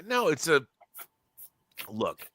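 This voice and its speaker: A man's voice: on the high side, wildly swooping pitch, drawn-out words, fairly bright tone, dry recording. A man in casual podcast chat, emphatic and opinionated, swearing freely and restarting his sentences as he rants. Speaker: podcast co-host.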